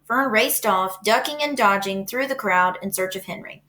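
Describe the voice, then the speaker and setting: A woman's voice: medium pitch, normal speed, few pauses, pushed and bright. A woman teacher reading a children's book aloud, casual and chatty, with fillers. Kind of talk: storybook read-aloud.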